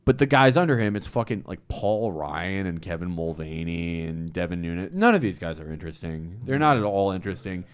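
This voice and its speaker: A man who is a guest on a political podcast, talking casually in a mocking, excitable way and swearing often. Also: low voice, brisk, few pauses, clean tone.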